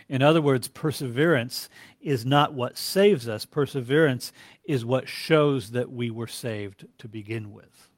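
A man's voice: mid-range voice, no room sound. Earnest male Bible teacher, dry sound. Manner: deliberate, reads scripture aloud, quizzes the class. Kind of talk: classroom Bible lecture.

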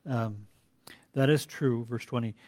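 A male Bible teacher gives a deliberate classroom lecture at a mid pitch. He reads scripture aloud and pauses to put questions to his students. His voice is close and dry, with almost no room sound. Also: darkish tone, no room sound.

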